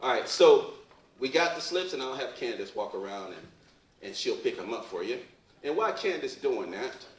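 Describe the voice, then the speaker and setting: Lively stand-up comedian man, roomy stage. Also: mid-range voice, normal speed. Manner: loose, joking, asks the crowd questions. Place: live comedy club stage. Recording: roomy live venue from far off.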